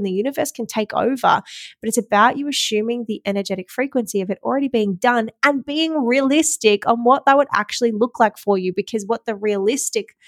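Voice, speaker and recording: A woman's voice: mid-range voice, no echo. Upbeat woman podcast host. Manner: chatty and upbeat, swears casually, acts out inner voices. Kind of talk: casual motivational chat.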